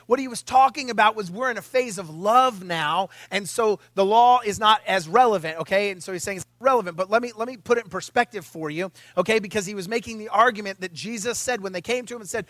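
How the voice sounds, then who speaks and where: A man preaching a conversational sermon podcast as a pastor, animated and chatty, with wry asides and quoted voices. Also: high-pitched, fast, hardly any pauses, no room sound.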